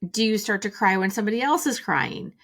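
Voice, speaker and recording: Gentle musing woman with a creaky voice. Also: medium pitch, a little fast. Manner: gentle, musing, many fillers. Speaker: podcast host. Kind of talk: reflective solo talk.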